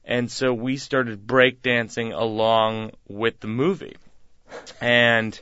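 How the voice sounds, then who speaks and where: Comedian guest, male, from Massachusetts; easygoing, meandering storyteller with a crisp bright voice on a dry studio mic. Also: medium pitch, little pitch movement, slow pace, no room sound, lo-fi sound. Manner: laid-back rambling delivery with frequent chuckles. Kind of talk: casual interview storytelling.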